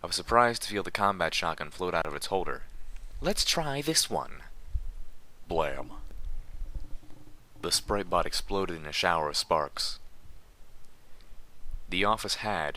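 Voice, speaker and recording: A man reading a fan fiction story aloud in steady, even narration. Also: deep voice, moderate pace, pauses often. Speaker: reader.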